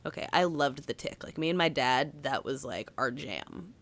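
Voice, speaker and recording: A woman from Massachusetts co-hosting a podcast, chatting in a lively way, laughing often and saying "like" a lot. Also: rumbling low, moderate pace, dry recording. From Massachusetts, USA. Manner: animated, laughing, lots of "like". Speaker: podcast co-host. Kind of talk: casual chat.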